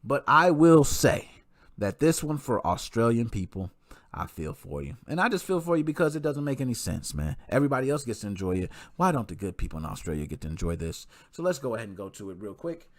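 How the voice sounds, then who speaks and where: A man's voice: mid-range voice, fairly quick. A young man hosting a gaming podcast, chatting casually and joking in a slangy style, talking straight to his listeners. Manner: animated, slangy and joking, talks to listeners directly. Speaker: podcast host.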